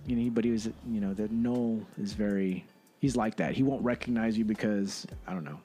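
A man in his thirties from Texas telling animated stories in casual chat, swearing freely. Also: fairly low pitch, fairly quick, slightly rough. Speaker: podcast guest.

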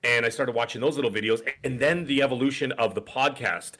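A man's voice: mid-range voice, brisk, fairly bright tone. A middle-aged man co-hosting a podcast, telling a long story in casual chat, full of fillers and asides. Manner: rambling storyteller with frequent fillers. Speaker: podcast co-host.

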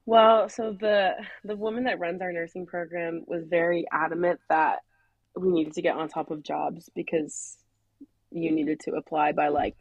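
A woman's voice: fairly low pitch, steady tone, moderate pace, dry recording, highs cut off. A young woman, a newly graduated nurse, talking casually on a podcast, laughing often and using "like" a lot. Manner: chatty, laughs often, lots of "like". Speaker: guest, new grad nurse.

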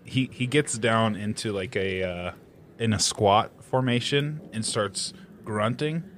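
A man's voice: on the low side, slow, a bit bright, slight background noise. A man playing a tabletop game in a playful, hammy way. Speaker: player. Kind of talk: casual tabletop play.

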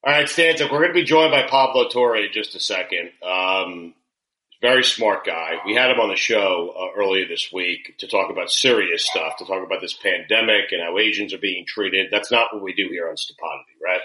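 Male podcast host, bright tone, animated storyteller, laughs and swears. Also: low voice, brisk, rough recording. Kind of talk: casual comedic chat.

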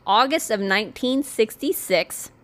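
A woman's voice: on the high side, animated, a little slow, fairly bright tone. A woman co-hosting a chatty podcast, retelling a haunting with casual swearing. She rambles into asides, then comes back to the story. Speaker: podcast host telling a true haunting story.

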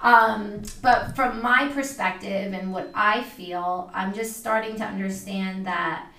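A woman's voice: medium pitch, steady tone, takes it slowly, sharp tone, far from the mic. A woman being interviewed as a medium, telling stories in a chatty way with many fillers. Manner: chatty, many fillers, acts out quoted voices. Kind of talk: casual storytelling interview. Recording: roomy, a bit off the mic.

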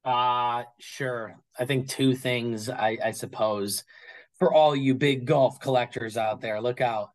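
Guy rambling thru an interview, lots of ums and restarts, medium pitch voice. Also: low-quality recording. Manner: rambling, full of fillers and restarts. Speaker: guest card collector. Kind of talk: casual interview chat.

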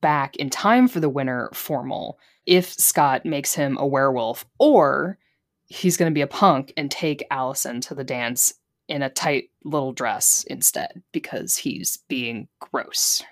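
Low-voiced woman podcast co-host, wry. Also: a little slow. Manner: wry, joking asides. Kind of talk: casual chat, recapping a TV episode.

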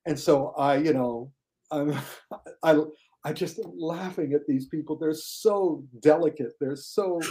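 An older man chats on a podcast in a mellow, slightly raised voice. He talks with animated energy and now and then mocks others in exaggerated, high tones. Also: a little slow. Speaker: guest film critic. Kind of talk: casual podcast chat.

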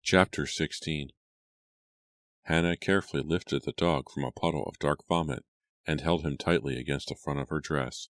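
A male audiobook narrator with a very deep voice tells the story steadily and at a measured pace. It's scripted narration with no echo.

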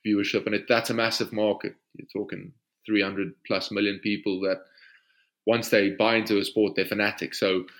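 A South African rugby player, an Afrikaans speaker, answering questions in a casual podcast interview in an easygoing way. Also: male voice, on the low side, moderate pace. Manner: relaxed, easygoing answers with frequent "you know".

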